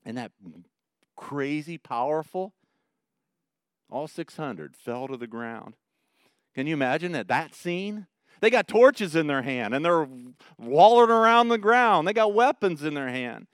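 A pastor preaching an expository sermon, retelling scripture with dramatic, animated emphasis. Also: male voice, on the high side, unhurried, clean tone, no echo, clean studio sound.

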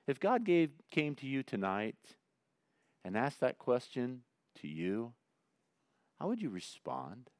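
A man preaching a sermon in a conversational way, swinging between loud emphasis and quiet asides. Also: mid-range voice, big pitch swings, slow pace, dry recording, clean studio sound. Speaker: pastor.

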